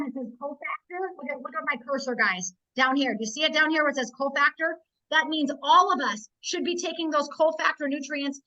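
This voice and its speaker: High bright woman presenting over a video call. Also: highs cut off. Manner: emphatic, talks to the audience directly with frequent "right?" and "guys". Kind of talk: animated sales presentation.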